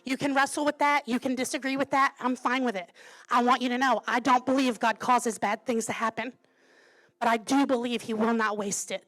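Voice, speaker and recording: A woman in her thirties preaches from the pulpit, her voice sitting a little high. She tells a personal story with earnest, quiet care, then builds to strong, emphatic declarations. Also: fairly even intonation, normal speed. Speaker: pastor. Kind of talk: sermon.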